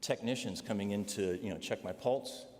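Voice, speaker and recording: A man with a somewhat low voice preaches, building a personal story and pausing for "all right?" asides to the congregation. His voice rings through a church hall with a long echo. Faint noise sits underneath it. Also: a little mellow. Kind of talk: sermon testimony. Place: church sanctuary.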